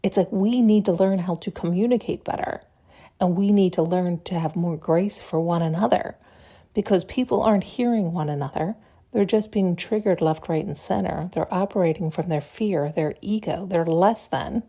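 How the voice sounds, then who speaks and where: Blunt, mellow-voiced woman podcaster. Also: lowish voice, moderate pace. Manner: blunt, swears freely, laughs often, acts out quoted dialogue. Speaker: podcast host. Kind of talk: casual solo podcast monologue.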